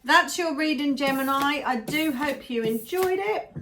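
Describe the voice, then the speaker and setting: High-ish voiced woman doing a casual tarot reading, thinks out loud, says things twice. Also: animated, unhurried, a little hiss or hum. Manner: chatty, musing, repeats phrases. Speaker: tarot reader.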